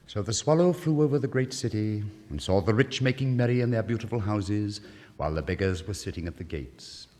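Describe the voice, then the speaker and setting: A man's voice: on the low side, fairly quick. Theatrical man reading a fairy tale. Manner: expressive, theatrical storytelling. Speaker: narrator. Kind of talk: storybook reading. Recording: reverberant old vinyl studio recording.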